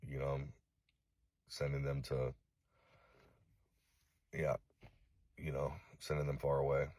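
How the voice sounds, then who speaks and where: A middle-aged man from Los Angeles making a direct-to-camera apology video, halting and remorseful, swearing often. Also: a bass voice, completely flat delivery, darkish tone, no room sound. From Los Angeles, USA. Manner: halting, remorseful, heavy swearing, frequent fillers. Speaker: vlogger.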